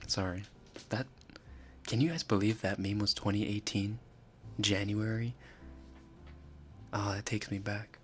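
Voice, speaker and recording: A man hosting a casual ASMR live stream. He talks softly and playfully into a close microphone and often drops into whispers. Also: fairly low pitch, fairly even intonation, unhurried, long pauses, soft background music. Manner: soft-spoken, playful, slips into whispers.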